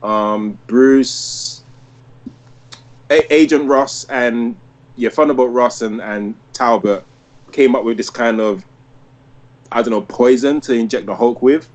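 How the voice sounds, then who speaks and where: A man in his thirties chats casually on a podcast, full of enthusiasm. He rambles and restarts often and leans on "like". His voice sits at an ordinary middle pitch. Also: slow, pauses often. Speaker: podcast host. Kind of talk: casual podcast review chat.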